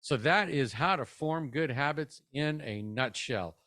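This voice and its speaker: A man's voice: mid-range voice, lively intonation, unhurried, sharp tone, no room sound, clean studio sound. Upbeat casual man addressing parents. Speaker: parenting webinar presenter. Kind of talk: conversational talk to parents.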